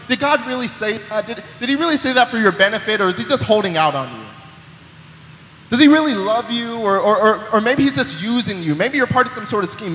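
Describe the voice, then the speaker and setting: A man's voice: high-pitched, fairly bright tone, slight background noise. A young man preaching a sermon in a conversational way, often repeating words as he starts a sentence, recorded in a church hall. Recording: echoey hall with long reverb.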